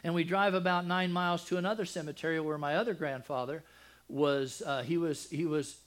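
An older man preaching a sermon, telling a personal family story with deep feeling, dropping to a hush and then rising loud, with many restarts. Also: fairly even intonation, a little fast. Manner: emotional, swings from loud and high to hushed and soft; rambling with frequent restarts.

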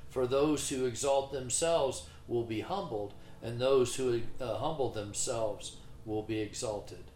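A man reading scripture aloud in a Bible study, steady, with brief replies to the leader. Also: mid-range voice, measured pace, reverberant, a little hiss or hum. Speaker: scripture reader, co-host.

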